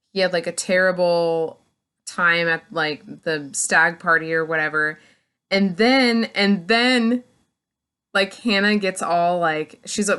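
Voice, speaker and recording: A woman's voice: on the low side, sharp tone, clean tone. A woman reviewing a book, recapping the plot in a gushing, casual way, full of "like". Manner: gushing, filler-heavy, full of "like".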